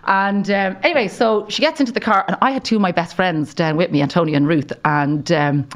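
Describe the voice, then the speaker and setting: An Irish woman in her thirties, a broadcaster and guest, telling stories in an animated way with frequent laughs. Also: on the low side, brisk. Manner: animated storyteller, laughs often. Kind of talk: casual interview chat.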